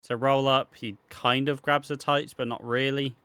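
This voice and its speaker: A man co-hosts a casual wrestling podcast, chatting in a laid-back way, swearing freely and trailing off with ums. His voice is medium-pitched, level and sharp at normal speed, with a clean tone in a dry recording.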